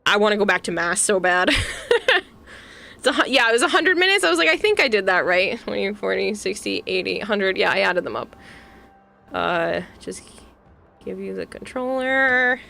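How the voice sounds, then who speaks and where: A young woman with a Boston accent chats casually with her stream. Her voice is bright, and she giggles often while answering chat. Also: mid-range voice, expressive, moderate pace, vocal fry, pauses often. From Massachusetts, USA. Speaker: VTuber streamer.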